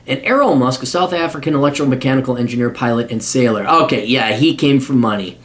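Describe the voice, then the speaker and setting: A man reads a biography aloud, rattling through the facts. He keeps interrupting himself with sarcastic, foul-mouthed commentary, and his voice sits at an ordinary middle pitch. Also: fast, fairly bright tone. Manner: sarcastic, profane running asides. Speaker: podcast host.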